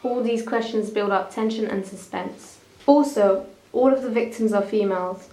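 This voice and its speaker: Young female student presenter, reads haltingly, roomy echo, mid pitch. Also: mellow. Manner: stumbling, restarting lines. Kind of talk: reading a school media evaluation.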